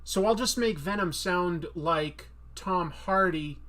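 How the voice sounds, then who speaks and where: A man's voice: sits high, takes it slowly, a bit bright. A man hosting a live stream, answering chat questions in a casual, self-deprecating, rambling way. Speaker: comic artist streamer.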